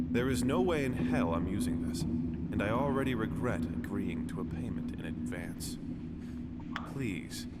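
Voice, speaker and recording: An actor playing an angry publisher who scolds in a cutting way in a video game. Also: male voice, lowish voice, heavy background noise. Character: angry, contemptuous male publisher.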